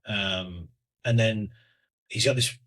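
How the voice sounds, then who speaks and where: A man in his thirties hosting a solo podcast, talking in a hesitant, reflective way with lots of fillers and restarts, often trailing off quietly. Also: lowish voice, takes it slowly. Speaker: podcast host.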